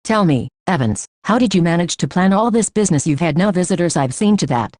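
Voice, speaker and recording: Dignified male prison governor in a storybook , read by a woman, calm, low, dry. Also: a little fast, dry recording. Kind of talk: storybook reading.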